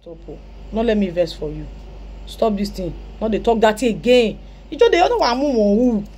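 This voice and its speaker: A woman's voice: medium pitch, lively intonation, brisk, warm tone, slightly rough. A Nigerian woman commenting on a clip in Pidgin, scolding and advising the man she talks about. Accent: Nigerian Pidgin English.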